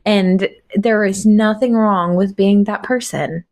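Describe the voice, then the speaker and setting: A woman's voice: medium pitch, steady tone, slow. A woman hosting a podcast, interviewing an author and agreeing readily. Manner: warm, agreeable, frequent affirming murmurs. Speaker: podcast host.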